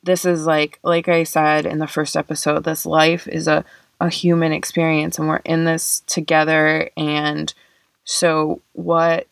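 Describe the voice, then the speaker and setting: A woman's voice: low-pitched, creaky, no echo. A young woman hosting a reflective solo podcast, speaking earnestly and emotionally, tearing up, with many fillers. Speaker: podcast host.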